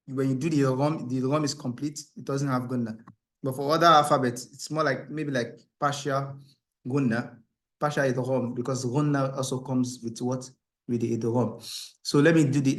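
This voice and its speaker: A man teaching Quran recitation rules, explaining in a questioning style and breaking into a higher, louder chant for the verses. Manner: asks the class rhetorical "what?" questions. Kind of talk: tajweed lesson, explaining and reciting.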